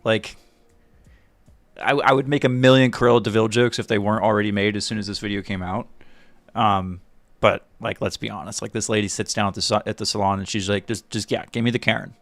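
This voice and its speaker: A man hosting a live stream, giving an animated, mocking, profane running commentary on a video. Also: fairly low pitch, brisk, gravelly, no room sound.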